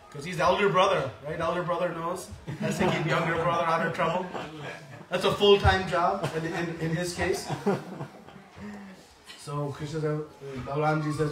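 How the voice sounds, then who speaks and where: A man preaching a devotional storytelling lecture in an animated way, acting out voices and laughing often, heard from a distance in an echoey room. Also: on the high side, moderate pace, a little hiss or hum.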